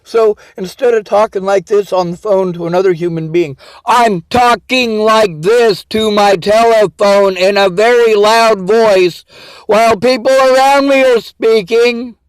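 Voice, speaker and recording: A man's voice: high-pitched, a little slow, clear, resonant tone, no echo, low-quality recording. A man in a bitter, swearing personal rant to camera, venting his grievances in outbursts. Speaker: vlogger.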